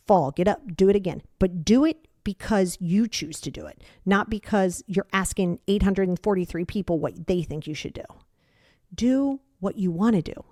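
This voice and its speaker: A woman's voice: mid-range voice, mellow, dry recording, clean studio sound. A middle-aged woman hosting a solo podcast, giving blunt, emphatic tough-love advice about emotions as a coach.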